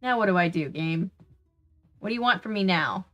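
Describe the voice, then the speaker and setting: A woman's voice: lowish voice, animated, moderate pace, a bit bright, muffled recording, faint music behind. A woman with a Southern US accent chatting casually while streaming a video game, talking back to the game and her viewers in an exasperated way. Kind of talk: casual let's-play commentary.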